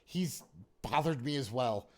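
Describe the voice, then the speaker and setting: A man's voice: medium pitch, expressive, unhurried, natural voice. A man voicing a pompous, easily flustered middle-aged male town mayor who stammers and talks down to visitors. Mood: dismissive.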